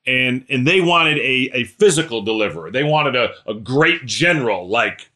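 Emphatic preacher, bright voice. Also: male voice, mid-range voice. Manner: swings from loud emphatic lines to hushed, mumbled asides. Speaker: pastor. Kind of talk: sermon.

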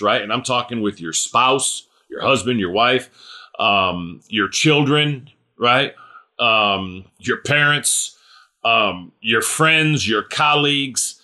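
Slow, bright-voiced middle-aged male preacher. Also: mid-range voice. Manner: conversational, repeats "right?" and "you know". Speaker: pastor. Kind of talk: sermon.

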